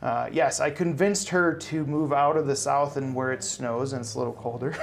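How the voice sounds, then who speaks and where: Gravelly-voiced man in his forties, chatty. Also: medium pitch, fairly even intonation, normal speed, a crowd in the background. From South Dakota. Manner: upbeat, chatty, humble. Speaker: hospital CEO guest. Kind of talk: casual interview talk.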